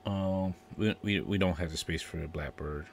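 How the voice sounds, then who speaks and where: Male co-host, lower pitch, easygoing, laughs a lot, casual banter. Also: moderate pace, creaky. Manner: laid-back, laughs often, acts out scenes. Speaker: podcast co-host. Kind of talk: casual rewatch commentary.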